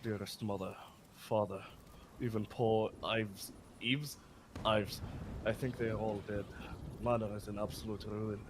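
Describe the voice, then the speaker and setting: A man's voice: lowish voice, flat delivery, measured pace, a little hiss or hum, pitched below the performer's own voice, close to an everyday voice. A man voicing a sheltered, fanciful young noblewoman writing her diary, with a put-on Scottish accent and a prim, melodramatic reading manner. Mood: forlorn. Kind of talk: reading aloud in character.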